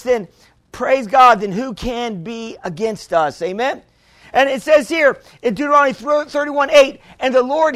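Man, pastor, very high voice, dry close sound, preaching with loud bursts. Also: dry recording. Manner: preaching with sudden loud exclamations. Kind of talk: sermon.

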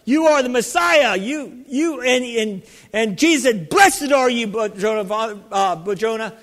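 A man's voice: very high voice, unhurried, fairly bright tone. A man preaching a sermon with fervor, calling out questions to his congregation. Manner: fervent, calls out to the congregation. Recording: long hall reverb.

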